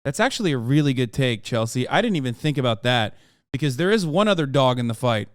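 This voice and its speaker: A man's voice: medium pitch, very animated, fast talker, smooth, no room sound, studio quality. A man livestreaming, giving blunt, profane political commentary and arguing points with his chat.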